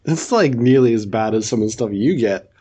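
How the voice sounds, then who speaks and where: A man with a husky, slightly rough voice co-hosts a casual podcast. His pitch moves a lot as he throws in short reactions and questions. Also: animated, fairly quick, dark tone. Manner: brief reactive interjections. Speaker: podcast co-host. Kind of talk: casual chat.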